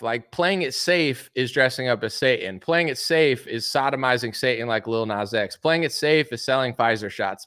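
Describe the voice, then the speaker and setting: A man's voice: mid-range voice, a bit bright, no room sound, studio quality. A man hosting a casual opinion commentary, talking bluntly and asking one rhetorical question after another. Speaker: commentary show host.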